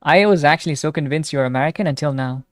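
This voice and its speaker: A young woman live streamer chatting casually with her viewers, reading their messages aloud and reacting excitedly. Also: deep voice, very fast, no echo, studio quality. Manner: chatty, reads chat aloud and answers it, excitable.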